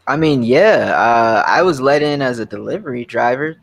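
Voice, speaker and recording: A man on a podcast panel, speaking in a measured, somewhat hesitant way in casual chat. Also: medium pitch, lively intonation, gravelly, slight background noise. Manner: measured, hesitant, laughs easily.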